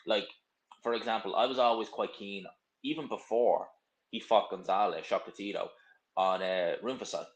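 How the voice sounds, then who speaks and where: Young male streamer, slightly low voice, loose and opinionated, chatting off the cuff; roomy echo on the recording. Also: normal speed, lo-fi sound. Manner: blunt, rambling and opinionated. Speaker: livestream host. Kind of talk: casual live stream chat, reading viewer comments.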